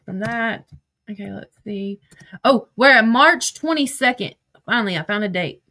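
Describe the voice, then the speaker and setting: A woman's voice: medium pitch, moderate pace, pushed and bright. Woman w southern accent, cussing a lot, chatty livestream storyteller. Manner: profane, chatty, reads out text messages. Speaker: livestream host.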